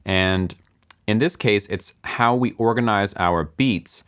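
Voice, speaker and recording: A man teaching music production, explaining calmly with the odd um and counting beats aloud softly. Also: fairly low pitch, slow, clean tone. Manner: explains calmly with filler ums. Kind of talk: relaxed screen-recorded lesson.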